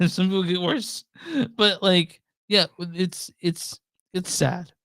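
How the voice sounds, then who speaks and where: A gravelly, fairly high-pitched man from Texas co-hosts a casual movie chat. He stumbles and repeats words, recorded close and dry. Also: steady tone, a bit bright, no echo. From Texas and Louisiana. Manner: halting, repeats words, chuckles often. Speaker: movie review podcast co-host.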